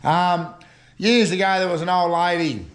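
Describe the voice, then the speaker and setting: A man's voice: high voice, fairly even intonation, unhurried, a bit bright, slight background noise. An older Australian man telling rambling, chuckling stories at home in casual slang. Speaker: storytelling vlogger. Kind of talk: casual yarn-spinning.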